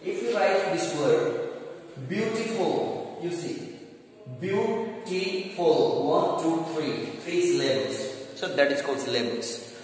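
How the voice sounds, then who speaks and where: A male English teacher giving a grammar lesson, slowly repeating words, spelling out letters and counting syllables aloud. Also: fairly high pitch, expressive. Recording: echoey room from far off with faint hum.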